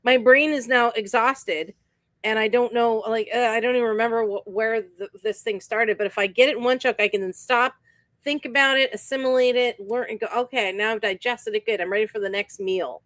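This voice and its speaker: A woman co-hosting a podcast in casual chat, relaxed and rambling. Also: fairly high pitch, fairly quick, dry recording. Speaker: podcast co-host.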